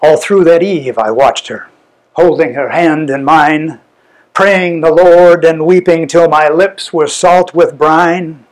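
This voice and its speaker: A man performing a dramatic verse recitation live, theatrical and mournful, with sudden swells and hushes. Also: fairly high pitch, slow, rough recording. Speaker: bard, poetry performer.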